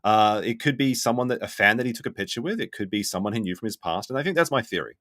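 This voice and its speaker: A man commenting on a live stream, reading chat messages aloud in a skeptical, blunt way and thinking out loud. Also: fairly low pitch, expressive, fast talker, no room sound, studio quality. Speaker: streamer reacting to a documentary.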